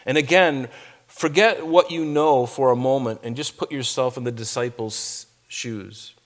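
A middle-aged male pastor preaching a casual, chatty sermon. He drops into slow, weighty reading whenever he quotes scripture. His voice sits at an ordinary male pitch. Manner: conversational, reads scripture slowly with emphasis.

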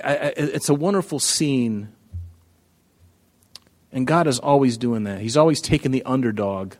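A man preaching a sermon, emphatic, rising to loud peaks when he quotes scripture. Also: medium pitch.

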